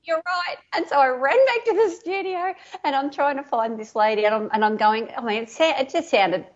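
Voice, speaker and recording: An Australian woman, a guest embroidery artist, telling a story in an animated way, laughing often and acting out what people said. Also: high voice, fairly quick, dull audio. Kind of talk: podcast interview storytelling.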